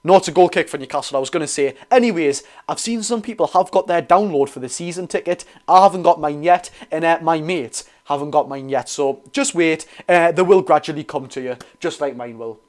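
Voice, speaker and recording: A young Geordie man hosts a live football watch-along, flicking between excitable calls of the action and friendly chat with his viewers. His voice sits a touch higher than most men's, and he reads out comments as they come in. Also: fairly quick, few pauses. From North East England. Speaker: football fan streamer.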